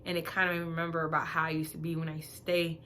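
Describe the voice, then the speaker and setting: A young woman, five months pregnant, telling a story in a blunt, profane, animated vlog rant that swings between loud outbursts and quiet asides. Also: low-pitched, very fast, a little hiss or hum. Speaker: vlogger.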